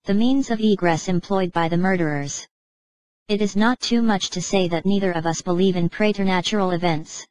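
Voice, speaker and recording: A woman narrating an audiobook in a measured, even reading style. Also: mid-range voice, dry recording, low-quality recording. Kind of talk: scripted narration.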